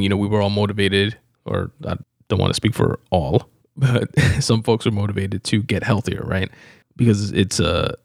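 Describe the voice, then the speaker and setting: Young male podcast host, low and gravelly, loose chatty delivery, dry close sound. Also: no echo. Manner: rambling, loose, laughs often, swears casually. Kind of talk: casual solo podcast review.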